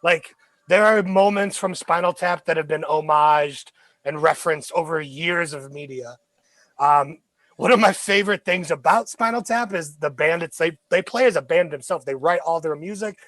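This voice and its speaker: A man's voice: a little high, normal speed, fairly bright tone, dry recording. A man co-hosting a podcast, chatting about movies with enthusiasm and acting out favorite quotes. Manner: enthusiastic, quotes lines with laughs. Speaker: podcast co-host. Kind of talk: casual movie review chat.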